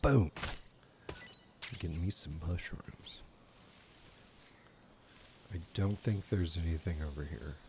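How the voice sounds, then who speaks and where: A man's voice: low voice, slow, long pauses, a little mellow, slight background noise. A man giving casual let's play commentary while gaming, rambling and swearing casually. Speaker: gaming YouTuber.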